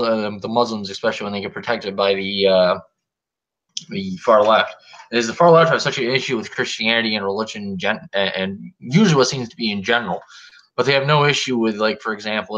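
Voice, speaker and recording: A man hosts a casual talk show, giving his blunt opinions and trading jokes with his guest. His mid-range voice has a bright, sharp edge. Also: mid-range voice, muffled recording. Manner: opinionated, blunt, jokey banter. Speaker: host.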